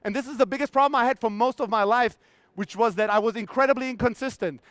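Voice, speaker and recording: A man's voice: very high voice, fast, a bit bright, clear, resonant tone, dry recording. A man in his thirties giving a blunt, profane motivational talk on a conference stage, acting out his own inner voices, his voice strained. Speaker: keynote speaker.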